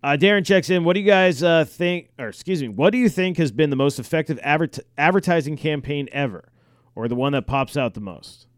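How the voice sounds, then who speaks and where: A man's voice: a little high, lively intonation, brisk, no echo. Male co-host, reads questions, wry teasing, dry recording. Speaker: podcast co-host reading listener questions. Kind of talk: casual chat.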